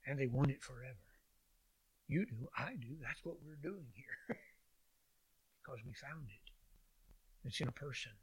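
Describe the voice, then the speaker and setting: A man preaching a sermon, swinging from loud calls to hushed lines and repeating phrases for emphasis. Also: mid-range voice, unhurried, long pauses, breathy edge.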